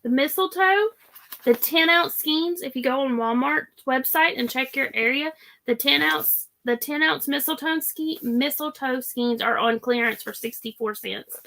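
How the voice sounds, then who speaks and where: A woman's voice: high voice, unhurried, vocal fry, bright, forceful tone. A woman with a Southern US accent hosting a casual live-stream chat and reading viewer comments aloud. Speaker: host.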